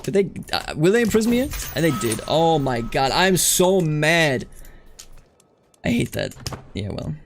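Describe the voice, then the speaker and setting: A man streaming a strategy game, reading event text aloud and reacting loudly to what happens. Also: fairly high pitch, wildly swooping pitch, brisk, vocal fry, a little hiss or hum. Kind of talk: live game stream commentary.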